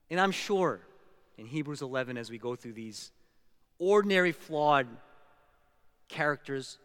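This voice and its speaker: A man's voice: medium pitch, a bit bright. Man preaching in a reverberant hall. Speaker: pastor. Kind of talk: sermon.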